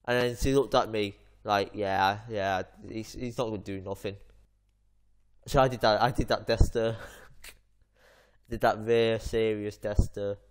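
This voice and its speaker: A man's voice: fairly low pitch, fairly even intonation, a little slow, clean tone. Rambling man telling a story. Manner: rambling anecdote full of fillers and restarts. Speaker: gaming channel host. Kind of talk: casual chat while gaming.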